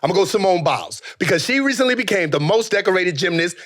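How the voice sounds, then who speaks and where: A man hosting a podcast, talking in a casual comedic chat with animated, profane, joking rants. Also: high voice, fast. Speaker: podcast host.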